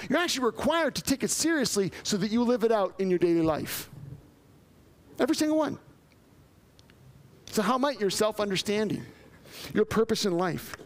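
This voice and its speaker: A male pastor delivers an emphatic sermon in a fairly high voice that rises and falls widely. He repeats phrases for effect, runs through long spoken lists and keeps putting questions straight to the congregation. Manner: asks the congregation questions directly.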